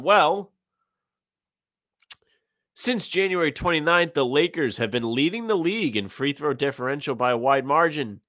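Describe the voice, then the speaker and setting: A man co-hosting a sports podcast in easy chat, dropping dry, sarcastic jabs. His voice is bright and forceful. The sound is dry and close, with no room around it. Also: fairly high pitch, expressive, moderate pace, pauses often, no room sound. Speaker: podcast co-host. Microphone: remote call, muted at times.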